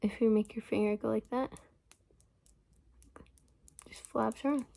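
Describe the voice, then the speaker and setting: In a laid-back diary vlog, a teen girl talks in a rambling, chatty way full of "like," often half-whispering into her phone from her bedroom. Her fairly high voice is warm and creaky, fairly even in intonation and a bit slow.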